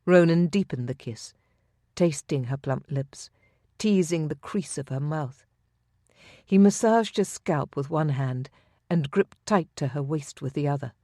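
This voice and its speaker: A woman narrating a historical romance audiobook in a smooth, expressive storytelling manner. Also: low voice, a little slow, no echo, studio quality.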